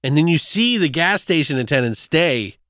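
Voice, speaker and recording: A man's voice: on the high side, moderate pace, no echo, clean studio sound. A man in casual chat, retelling a movie plot with lots of swearing and acting out the characters' lines. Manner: profane, animated, acts out characters' lines.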